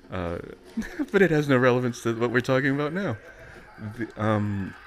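A man hosting a casual podcast, rambling and restarting his sentences, laughing often. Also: mid-range voice. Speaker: podcast host. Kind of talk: casual chat.

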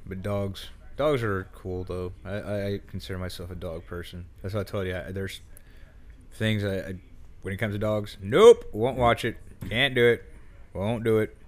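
Low-voiced, crude joking man. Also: steady tone, moderate pace. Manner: crude, joking, swears often. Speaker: podcast co-host. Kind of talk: casual chat.

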